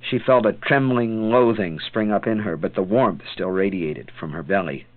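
A man narrating an audiobook in a measured, dramatic way. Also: on the low side, no room sound. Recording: tinny phone-like sound.

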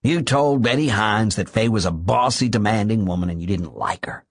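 A man reading the part of a bitter, bedridden man who seethes at his wife, speaking low and grim. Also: normal speed, slightly rough, no room sound, clean studio sound.

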